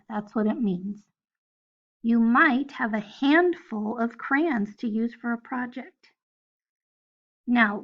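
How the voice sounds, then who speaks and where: In a recorded phonics lesson, a woman patiently spells out letters one at a time for first graders. Her voice is on the high side, with lo-fi sound.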